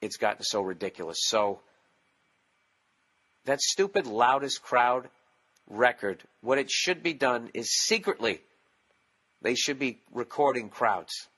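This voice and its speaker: A man's voice: mid-range voice, lively intonation, unhurried, pauses often, fairly bright tone, slightly rough. A man hosting his own podcast, talking alone in a casual, profane, sarcastic rant. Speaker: podcast host. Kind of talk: casual solo podcast monologue.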